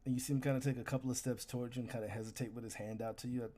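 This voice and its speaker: A man's voice: mid-range voice, fairly even intonation, very fast, dark tone. A man narrating a tabletop game as game master, in loose, filler-heavy descriptions.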